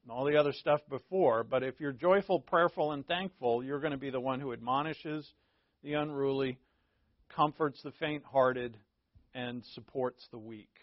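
In a dull, dry, lo-fi recording, a man of medium pitch preaches informally from the Bible. He keeps it chatty and humorous, regularly checking how his listeners are doing.

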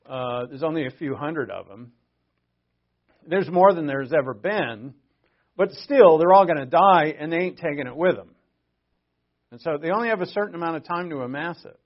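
A man's voice: a little high, lively intonation, moderate pace, lo-fi sound. A man giving a sermon in an earnest, conversational way, stopping to restart and then pressing points with sudden emphasis. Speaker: preacher.

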